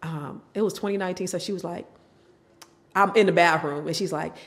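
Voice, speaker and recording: Speaking briskly in a lowish register, this middle-aged guest shares a candid personal story. She brings it to life by voicing what her relatives said, doing each one animatedly.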